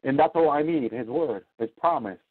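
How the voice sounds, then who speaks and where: A man's voice: mid-range voice, moderate pace. A man preaching a fervent radio sermon, repeating his points and rising to cries. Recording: tinny phone-line radio broadcast.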